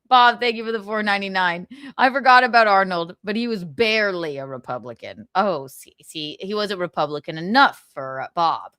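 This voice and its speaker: A woman's voice: medium pitch, animated, moderate pace, bright, forceful tone, clean tone, dry recording, clean studio sound. A young woman hosting a livestream, chatting casually, reading viewer comments and laughing often. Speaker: livestream host.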